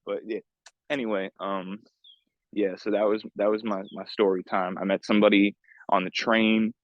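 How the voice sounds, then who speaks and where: A man's voice: on the low side, flat delivery, moderate pace, no echo. A young man from New York with a New York accent tells a story on his podcast. He talks in slang, swears a lot and fills gaps with fillers. The audio is dull and lo-fi, with a dry, close sound. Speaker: podcast host.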